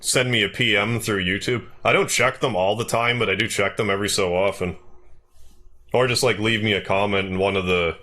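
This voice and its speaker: A man's voice: lowish voice, bright, forceful tone. Chatty man streaming a game. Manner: rambling, chatty, with frequent fillers and asides. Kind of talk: casual chat while playing.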